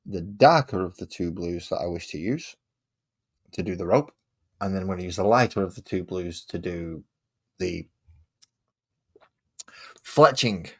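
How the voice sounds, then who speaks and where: A man with a Manchester accent talks casually as he paints, drifting between remarks, half-sung repetitions and chuckles at his own jokes. His voice sits a little low for a man, and he keeps a loose, rambling, conversational flow. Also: normal speed, long pauses, husky. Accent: Manchester English. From England. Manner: rambling, sings and hums to himself, repeats phrases, laughs at himself. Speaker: miniature painting streamer. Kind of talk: casual chat while painting.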